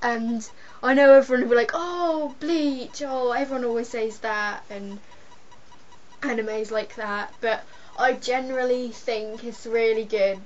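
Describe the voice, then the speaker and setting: A woman's voice: a little high, steady tone, normal speed. A young woman chatting casually, hesitant and rambling, giggling at times. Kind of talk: casual chat. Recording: dull lo-fi webcam audio with faint hiss.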